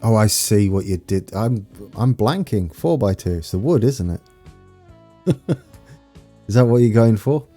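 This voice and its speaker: A young man with an East Anglian accent chats loosely through a live game stream, laughing at his own slips and greeting viewers. His voice sits low, with a dark, mellow tone. Faint music plays behind him. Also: lively intonation, unhurried, pauses often. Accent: East Anglian English. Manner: chatty, self-mocking, laughs often, reads out viewer names. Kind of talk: casual live-stream chat while playing.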